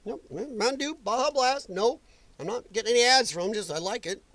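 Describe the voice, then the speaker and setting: A man's voice: extremely high pitch, expressive, a little fast, fairly bright tone. A man hosting a political commentary livestream, ranting in a heated, sarcastic and mocking way. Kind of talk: livestream rant.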